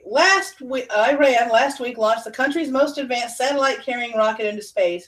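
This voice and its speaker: A woman hosting a casual news livestream, reading articles aloud with sarcastic asides and answering chat. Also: fairly high pitch. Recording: voice a bit far from the mic.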